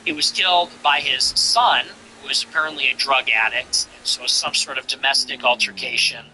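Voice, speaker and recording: A man's voice: medium pitch, fairly even intonation, normal speed, pushed and bright, slight background noise, poor audio. A man giving blunt, profane, mocking casual political commentary.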